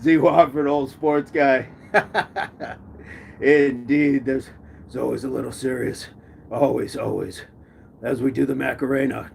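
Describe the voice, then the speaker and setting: A man's voice: mid-range voice, fairly even intonation, unhurried, creaky, pauses often, darkish tone, a little hiss or hum. A man from the United States hosting a live stream chat, playful, laughing often and repeating his phrases as he reads comments.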